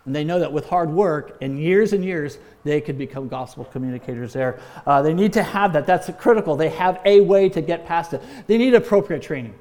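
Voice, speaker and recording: A man's voice: fairly high pitch, expressive, a little fast, few pauses, darkish tone. Emphatic man giving a missions talk. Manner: emphatic, exhorting, frequent "uh". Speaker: former missions pastor and trainer. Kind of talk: conference training talk.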